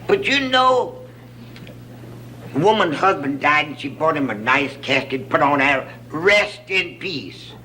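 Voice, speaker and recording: A man's voice: fairly high pitch, a little slow, pauses often, noisy background. A man telling folksy jokes, laughing at his own stories and drawing out the punchlines.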